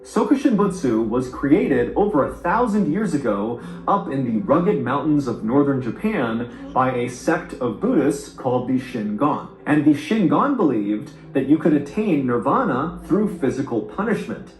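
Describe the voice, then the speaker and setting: A man reading a scripted story and a comic ad read with a lively, theatrical delivery. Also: mid-range voice, unhurried, echoey room, rough recording. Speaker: storytelling narrator.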